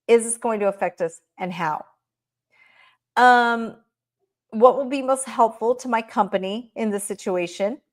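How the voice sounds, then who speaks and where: A woman's voice: a little high, measured pace. A woman presenting a workplace training talk, guiding listeners step by step through questions and often checking in with "right?". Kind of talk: presentation on managing staff. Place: recorded talk shared online.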